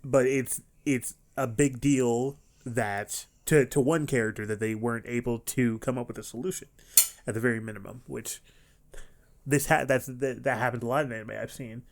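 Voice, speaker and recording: A man streaming an anime reaction, talking casually and rambling with frequent restarts and animated outbursts. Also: medium pitch, moderate pace.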